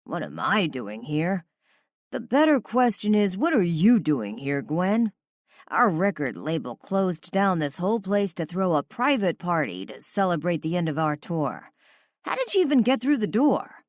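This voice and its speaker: A gruff, irritated rock star, voiced by a woman narrator who answers curtly and sarcastically. The voice stays low and the sound is dry and close. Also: big pitch swings, a little slow, no room sound. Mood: gruff, annoyed.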